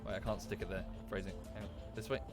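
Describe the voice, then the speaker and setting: A man's voice: low-pitched, level tone, quick pace, soft background music. Chatty man with an Estuary English accent. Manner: chatty, rambling, thanks viewers in passing. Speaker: streamer. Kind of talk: casual gameplay commentary.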